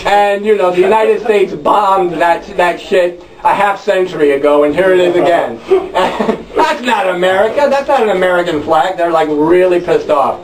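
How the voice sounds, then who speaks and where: A man with a high, light voice tells a long, wry story on a club stage. He rambles and bursts into shouted chants. The echoey room is picked up from a distance. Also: lively intonation, moderate pace, a crowd in the background. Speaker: spoken word performer. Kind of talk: live storytelling monologue.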